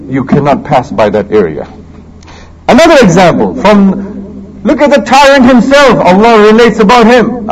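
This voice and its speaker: A male preacher delivering a sermon in a fairly high voice that leaps up and down with great animation. He shifts between loud emphasis and hushed asides, and rattles off quick Quranic Arabic between his English explanations. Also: low-quality recording. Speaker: Islamic preacher.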